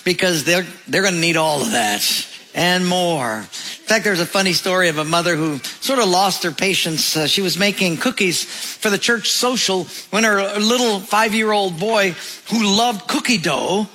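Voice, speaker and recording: A man's voice: sits high, normal speed, pushed and bright. A male pastor preaching a sermon, telling funny stories with acted voices. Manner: storytelling with acted voices and laughter.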